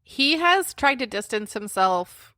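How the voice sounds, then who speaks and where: A woman's voice: on the high side, very animated, bright, forceful tone, no room sound, studio quality. A woman co-hosting a casual movie podcast, recounting trivia in a chatty way. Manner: chatty, recounts trivia, paraphrases people in quick asides. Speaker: podcast co-host. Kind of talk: casual chat about movies.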